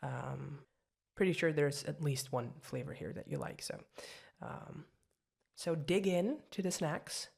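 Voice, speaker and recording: Voice actress as young girlfriend in ASMR role-play, low husky tone, giggly, rambly, self-mocking. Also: animated, measured pace, darkish tone, exaggerated voice. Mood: chatty. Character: apologetic, chatty young girlfriend.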